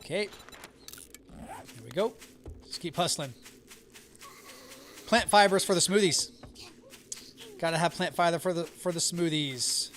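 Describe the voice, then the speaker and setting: A man's voice: high voice, fairly bright tone, slight background noise. A man from the American South chatting casually with viewers while playing a survival game live, talking with a neutral accent. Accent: neutral American, Southern only when angry. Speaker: streamer. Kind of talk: live gameplay chat.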